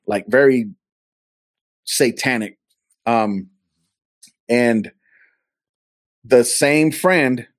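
A man's voice: mid-range voice, darkish tone, no room sound, clean studio sound. A man from California, an interview guest, earnestly telling a personal testimony and acting out the dialogue he quotes. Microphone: video call.

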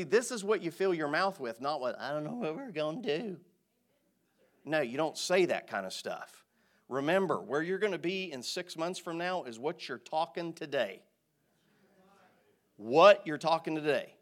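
A male pastor delivering a sermon, speaking emphatically and swinging from quiet asides to loud, stressed phrases. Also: a little high.

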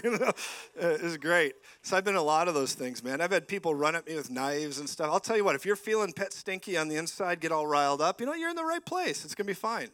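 A man preaching a lively sermon in a church, telling stories and acting out the voices of people in them. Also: sits high, a little fast, dry recording. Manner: animated, jokey, acts out voices in stories. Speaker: guest preacher.

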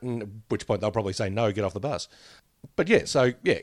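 A man co-hosting a podcast in casual chat, animated and jokey, acting out quotes as he talks. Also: fairly low pitch, quick pace, dry recording, studio quality. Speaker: podcast co-host.

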